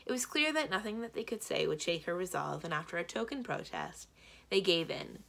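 A woman's voice: lowish voice, brisk, gravelly. A woman reading a children's novel aloud for a library, telling it expressively. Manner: expressive storytelling. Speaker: library reader. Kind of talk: children's book read-aloud.

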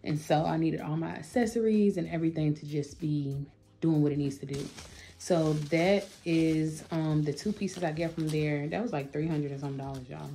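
A woman's voice: low voice, moderate pace, dark tone, faint music behind. A woman, chatting casually to her viewers in a home vlog, full of fillers and asides. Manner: chatty, addresses viewers as y'all, lots of fillers. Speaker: vlogger. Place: home office.

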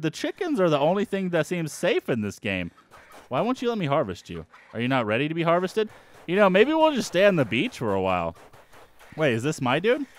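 A man hosting a let's-play, giving excitable, jumpy commentary and yelping at surprises. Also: fairly high pitch. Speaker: gaming channel host.

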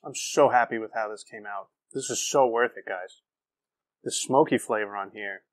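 A man's voice: fairly low pitch, normal speed, no echo. An enthusiastic man hosting a casual barbecue cooking vlog, exclaiming and talking to his viewers. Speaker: BBQ cooking show host.

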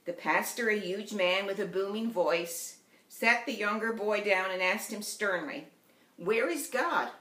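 Woman lay preacher, Newfoundland accent, steady earnest sermon, echoey church sound. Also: medium pitch, unhurried. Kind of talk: sermon with storytelling. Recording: roomy church echo.

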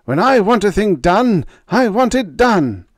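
A man's voice: medium pitch, expressive, a little slow, no echo, clean studio sound, pitched above the performer's own voice, close to an everyday voice. A man voicing a ruthless mad male scientist in a storybook reading, speaking in a snapping, imperious, contemptuous way. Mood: furious.

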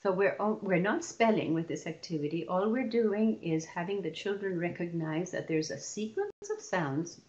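A woman with a fairly low voice leads an online session for teachers, walking through classroom methods one step at a time. She often breaks off and restarts a phrase. The audio is dull and lo-fi, as from a webinar. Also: moderate pace, hardly any pauses, a little mellow. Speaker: teacher trainer presenting a webinar.

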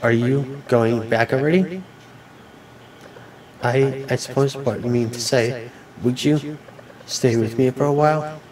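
A man reads on-screen game dialogue aloud at a slow, unhurried pace. His delivery is halting, with repeated words and restarts as he works through each line. His pitch sits in an ordinary middle range. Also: darkish tone, poor audio. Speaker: let's player.

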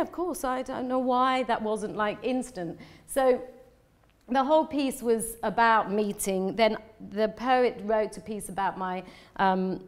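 Woman artist giving a talk to a room, chatty and rambly, keeps restarting, laughs a lot. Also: medium pitch. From London, England. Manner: rambling, chatty, self-interrupting with frequent restarts; emotionally open, laughs often. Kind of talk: live lecture presenting slides.

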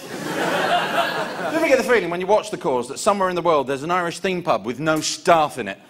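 Animated middle-aged comedian. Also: male voice, a little high, brisk. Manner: sardonic, animated storytelling. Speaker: stand-up comedian. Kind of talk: stand-up comedy routine. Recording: live show with loud background noise.

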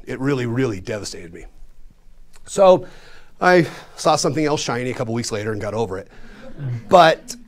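Man, 40s, from Colorado: comic stage storyteller, mid-pitched, animated and self-mocking, loud-to-quiet swings. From Colorado, USA. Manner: animated, self-deprecating, with sudden swings in loudness. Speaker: storyteller and magician. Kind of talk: comedic storytelling performance. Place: studio before a live audience.

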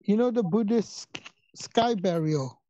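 A co-host on a live stream who fires quick questions and cuts in on the others. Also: mid-range voice, lively intonation, dark tone. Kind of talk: casual chat on a stream. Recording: dry, dull lo-fi audio.

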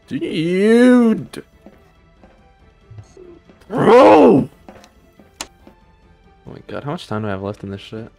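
A young man streaming a roleplay game, swearing, laughing and shouting in casual gaming banter. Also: fairly low pitch, expressive, very fast, creaky. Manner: profane, laughing, loud outbursts. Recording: game audio with music behind.

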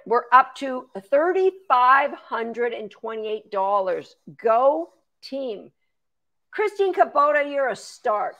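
A woman's voice: a little high, gravelly, fairly bright tone. A woman, a dog trainer, chatting through a live Q&A, explaining training steps and thanking viewers by name. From Canada. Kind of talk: live-stream Q&A.

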